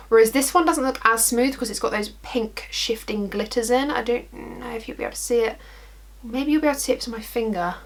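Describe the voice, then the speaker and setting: A young woman chatting casually through a makeup tutorial, rambling and poking fun at herself as she works in front of a mirror. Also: fairly high pitch. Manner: chatty, self-deprecating, rambling asides. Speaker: makeup vlogger.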